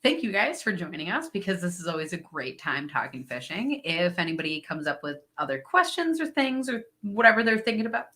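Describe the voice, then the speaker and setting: A woman's voice: fairly low pitch, sing-song, brisk, few pauses, bright, forceful tone. A woman co-hosting a casual fishing talk show, rambling with plenty of ums and you-knows. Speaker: fishing podcast co-host. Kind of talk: casual chat.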